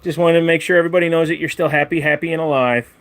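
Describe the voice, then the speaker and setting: A man's voice: a little high, steady tone, racing, a bit bright. A man hosting a casual livestream, easygoing and chatty. He reads out viewer messages and answers them in a loose, conversational way, now and then cooing at his dog. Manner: chatty, talks baby-talk to his dog. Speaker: livestream host.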